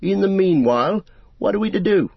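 A cheeky young hobbit teases in a high, lively voice, as a male audiobook reader does him. The recording is dull and dry. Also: dry recording. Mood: teasing. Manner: teasing, brisk.

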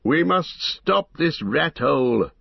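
A man putting on an old warrior who calls out urgently and commands the men around him, the voice pitched well up. It has a dull, lo-fi sound with no room echo. This is a storybook figure in the heat of battle. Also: lively intonation, slow, vocal fry, exaggerated voice. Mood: pleading.

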